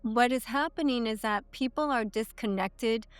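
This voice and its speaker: A woman's voice: a little high, normal speed, clean tone, dry recording. A woman in her thirties, a coach and podcast guest, explaining ideas in a teaching way and often checking in with "okay?" and "right?". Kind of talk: explanatory interview talk.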